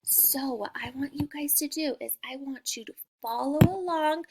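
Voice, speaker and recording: A woman teacher giving a slow phonics lesson for young children, sounding out letters with exaggerated care and praising the listener. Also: high-pitched, darkish tone.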